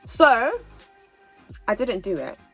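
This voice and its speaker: A woman in her twenties telling a personal story in a casual storytime vlog, animated and repeating herself as she goes. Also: on the high side, slow, vocal fry, breathy edge, faint music behind, low-quality recording. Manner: chatty, animated retelling with repeats. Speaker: vlogger.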